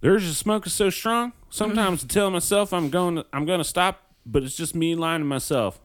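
A man's voice: fairly quick, lightly acted. Man doing a wistful old Southern smoker. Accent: put-on Southern American. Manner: high-pitched, loud drawling quotes.

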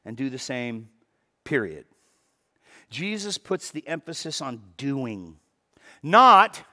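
A male pastor preaching a sermon with animated delivery, dropping to hushed tones and rising to loud emphatic bursts, often repeating words for emphasis. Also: on the high side. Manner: repeats words for emphasis, breaks into quoted dialogue.

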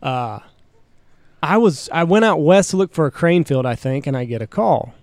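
Smooth-voiced man telling a profane story. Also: on the high side, expressive, moderate pace, darkish tone, dry recording. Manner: profane, rambling anecdote with frequent fillers. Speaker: co-host. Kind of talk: casual storytelling.

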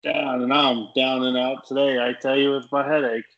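A man's voice: mid-range voice, flat delivery, moderate pace, fairly bright tone, muffled recording. A man co-hosting a podcast, wry and teasing in casual chat. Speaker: podcast co-host.

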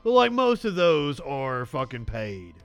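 A man's voice: medium pitch, sing-song, measured pace, faint music behind. A man hosting a talk show from his home desk, rambling in profane, self-deprecating banter. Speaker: host. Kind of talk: crude comedic banter. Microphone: desk mic with soundboard.

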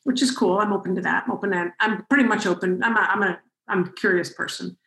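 A woman podcast host telling a story in an animated way, with frequent restarts. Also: mid-range voice, fast, echoey room, poor audio. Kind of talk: conversational storytelling.

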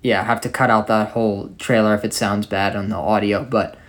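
A man's voice: lowish voice, fairly even intonation, fairly quick, fairly bright tone. Young man, opinionated podcast chatter. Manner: opinionated, rambling with many fillers. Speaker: podcast co-host. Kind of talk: casual chat.

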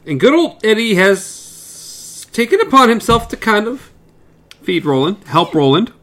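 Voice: medium pitch, sing-song, measured pace, fairly bright tone. A co-host in a casual book chat who reads passages aloud and skips parts loosely. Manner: reads aloud, skipping with "blah, blah".

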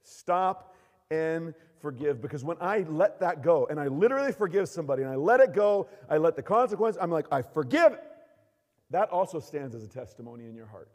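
A man's voice: on the high side, a little fast. Man preaching with big swings in volume. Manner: lively preaching, acts out quotes, swings from loud to hushed. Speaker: pastor. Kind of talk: sermon. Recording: long hall reverb.

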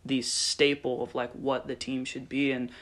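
A man's voice: medium pitch, little pitch movement, normal speed, a bit bright. A young man hosting a casual interview podcast, rambling with many filler words as he asks questions. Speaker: podcast host.

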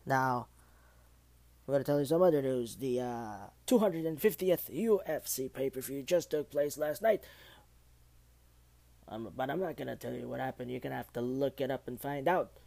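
A man hosting a casual homemade news roundup, halting and rambling, with many fillers and restarts. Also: medium pitch, vocal fry, dark tone. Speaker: host of a homemade news show.

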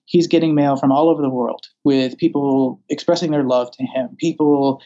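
A man from the American South talks through his ideas in a relaxed, conversational interview. He has a mellow, dark voice and a wry, thoughtful way of speaking, full of restarts and fillers. The recording sounds muffled and dull. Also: medium pitch, moderate pace. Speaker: interviewed scholar.

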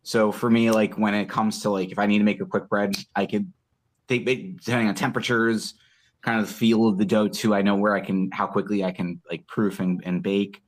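Relaxed low-voiced man talking food. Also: fairly quick. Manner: relaxed, filler-heavy, enthusiastic about food. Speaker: guest. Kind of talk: casual chat.

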